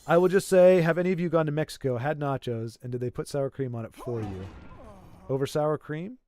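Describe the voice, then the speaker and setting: A man's voice: fairly high pitch, a little fast, darkish tone. A man chatting casually with his livestream audience, rambling and playfully arguing, with many restarts. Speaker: streamer.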